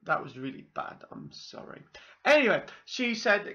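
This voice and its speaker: Bright-voiced Welsh man rambling on. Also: fairly high pitch, lively intonation, moderate pace, muffled recording. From South Wales. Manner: meandering, full of ums and asides. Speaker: vlogger. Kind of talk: rambling personal anecdote.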